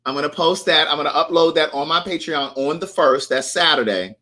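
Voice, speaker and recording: A man's voice: fairly high pitch, a little fast, pushed and bright. A young man hosting a casual live chat, telling a story and acting out the lines people said. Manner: chatty storyteller, acts out quoted lines. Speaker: host.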